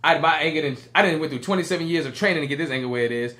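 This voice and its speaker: A young man with a high voice tells a story rapid-fire as a podcast co-host in a casual storytelling chat. He is animated, acting out the voices of the people in his tale.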